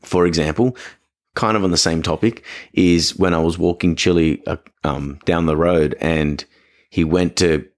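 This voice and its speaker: A man's voice: low voice, steady tone, measured pace. An Australian man hosting a podcast, telling a story in a chatty, rambling, self-deprecating way. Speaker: podcast host. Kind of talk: casual storytelling monologue.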